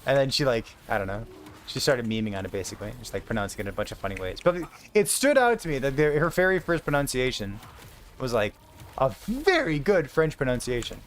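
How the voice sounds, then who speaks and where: A man's voice: medium pitch, sing-song, quick pace, slight background noise. A man in his thirties chatting casually while streaming a game, rambling through a story with lots of fillers. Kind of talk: casual gaming stream chat.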